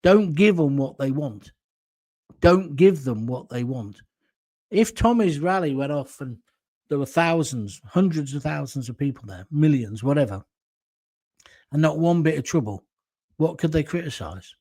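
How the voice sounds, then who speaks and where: Chatty blunt British man, fairly high voice. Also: expressive, measured pace, a little mellow, dry recording. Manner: chatty, blunt, jokey, reads viewer comments. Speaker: show host. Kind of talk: casual solo commentary.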